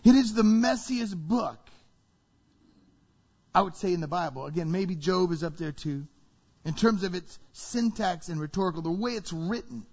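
A high-voiced man preaches to his congregation, quizzing them with rhetorical questions. His voice rings with a long hall reverb. The sound is a bit dull. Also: lively intonation, moderate pace, a little mellow. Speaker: pastor. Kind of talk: sermon.

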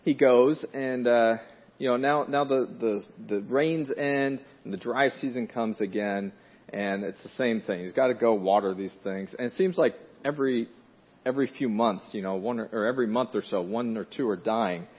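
A man preaching a sermon in a conversational way, telling a story with fillers and restarts and rising loud and high at dramatic moments. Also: normal speed. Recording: dull lo-fi recording.

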